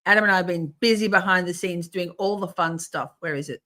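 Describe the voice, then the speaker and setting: A middle-aged woman hosting a casual livestream, chatty and swearing, often clearing her throat and restarting. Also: on the low side, brisk, sharp tone. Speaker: livestream host.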